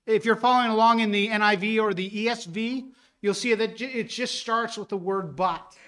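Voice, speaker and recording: A man preaching a sermon as pastor, earnest and building to a forceful rebuke, with frequent restarts. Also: high voice, fairly even intonation, normal speed.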